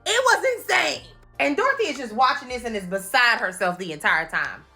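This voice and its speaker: A woman recapping movies in a playful, animated comedic commentary, laughing often and slipping into quick impressions. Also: a little high, faint music behind. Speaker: commentary host.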